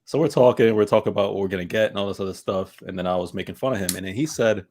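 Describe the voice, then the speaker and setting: Low gravelly-voiced man chatting casually. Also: racing, a little hiss or hum. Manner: animated storyteller, acts out quoted friends. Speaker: podcast co-host. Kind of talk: casual chat.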